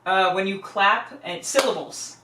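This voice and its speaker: A young woman co-hosts a casual podcast, talking in an animated, rambling way full of fillers. She sits a bit back from the microphone, and the room echoes around her. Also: mid-range voice, unhurried, far from the mic, a little hiss or hum. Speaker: podcast co-host. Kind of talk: casual chat. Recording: echoey room, away from the mic.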